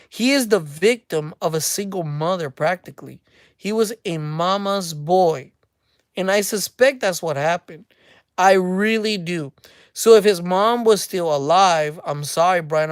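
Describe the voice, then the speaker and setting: A woman's voice: medium pitch, no echo, clean studio sound. A woman hosting a casual commentary rant, mocking and speculative, repeating her phrases for emphasis. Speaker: commentary channel host.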